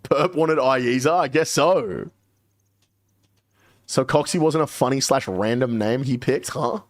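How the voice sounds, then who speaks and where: A man's voice: medium pitch, measured pace, dry recording, studio quality. A young man chatting casually on a live stream, cursing freely and laughing as he tells stories. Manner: profane, laughing storyteller.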